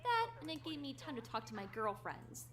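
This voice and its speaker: A woman's voice: sits high, sing-song, a little fast, fairly bright tone. A woman playing a determined young female superhero who explains things earnestly. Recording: music playing under the voice.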